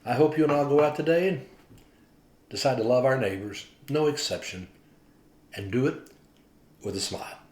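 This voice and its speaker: A man's voice: mid-range voice, normal speed, pauses often. Man telling a story in an echoey room. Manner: animated storyteller, acts out quoted people. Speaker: pastor. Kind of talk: devotional storytelling.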